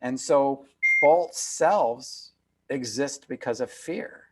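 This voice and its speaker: This mid-range male voice moves at a slow pace with a breathy edge. He is an author over fifty, interviewed as a guest on a video call, reflecting earnestly and emphatically while repeating phrases for weight.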